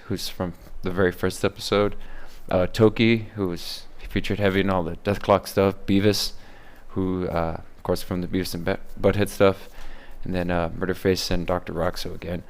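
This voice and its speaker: A man talking casually about how he makes his voice videos, hesitant with many fillers. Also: sits low. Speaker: voice-impression creator. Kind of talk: casual behind-the-scenes commentary.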